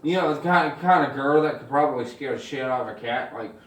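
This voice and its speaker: A man telling stand-up stories in an animated, swearing style, acting out the people in them. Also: mid-range voice, a little fast, reverberant, far from the mic. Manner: animated, swears freely, acts out voices. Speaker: stand-up comedian. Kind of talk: stand-up storytelling.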